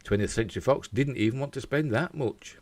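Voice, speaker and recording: A man's voice: medium pitch, fairly quick, darkish tone, dry recording. A man with a Yorkshire accent hosting an entertainment news show, reading the story with jokey asides. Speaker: host.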